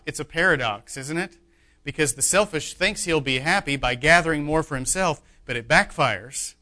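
Man, pastor, sermon, emphatic delivery, loud and hushed by turns, slightly high, forceful tone. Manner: emphatic preaching, swings between loud and hushed.

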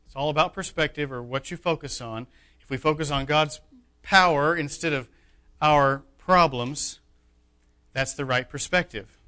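A man preaching a sermon as pastor, emphatic, swinging between loud declarations and hushed asides. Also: mid-range voice, clean tone.

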